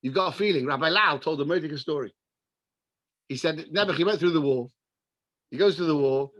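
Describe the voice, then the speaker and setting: An English man, a rabbi, teaching a class over a video call and telling stories in an animated way, with Hebrew and Yiddish words mixed in. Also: a little high, brisk, no echo, lo-fi sound. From England. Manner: animated storyteller, mixes in Hebrew and Yiddish terms. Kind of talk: Torah class with storytelling.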